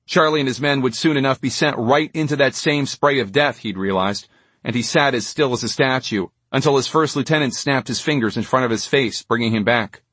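A man reads a novel aloud in a measured, steady way. His voice is husky and his recording sounds dry and close, with no room around it. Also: medium pitch, no room sound. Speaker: audiobook narrator. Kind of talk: scripted narration.

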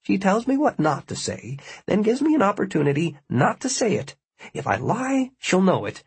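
A narrator plays a cornered young man, his voice pitched high and strained as he pleads. The tone stays husky and the sound is dry. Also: big pitch swings, moderate pace, heavily acted. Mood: exasperated. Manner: pleading, rising exasperation. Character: exasperated young man, cornered and talking fast.

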